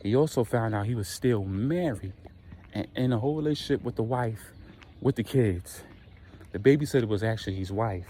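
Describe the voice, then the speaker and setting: Low-voiced man telling a slangy story. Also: a little fast, slight background noise. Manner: slangy, animated retelling. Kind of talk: casual storytime.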